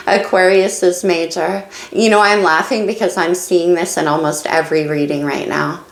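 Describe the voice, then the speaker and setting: Gravelly low-voiced woman reading tarot. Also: fairly even intonation, moderate pace, hardly any pauses, reverberant, low-quality recording. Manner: musing, thinks aloud card by card. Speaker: tarot reader. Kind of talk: casual tarot card reading.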